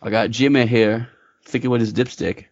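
A man's voice: medium pitch, fairly even intonation, normal speed, dry recording, muffled recording. A man co-hosting a casual gaming podcast, joking around and reading listener submissions. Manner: jokey, drops into silly put-on voices. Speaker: podcast co-host.

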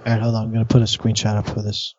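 A man hosting a casual gaming podcast, talking in halting bursts with frequent restarts. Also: lowish voice, monotone, background noise. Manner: halting, restarts often, laughs easily. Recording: dull lo-fi podcast audio.

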